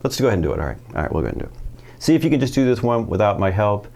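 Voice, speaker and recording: A man's voice: on the low side, big pitch swings, very fast, darkish tone. A man teaching a casual Spanish video lesson, asking the viewer questions and answering them himself in an upbeat way.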